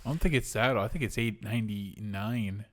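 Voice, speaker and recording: A man's voice: on the low side, a little fast, fairly bright tone. A young man who is a guest on a casual podcast and chimes in with short, dry remarks. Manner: dry, brief interjections.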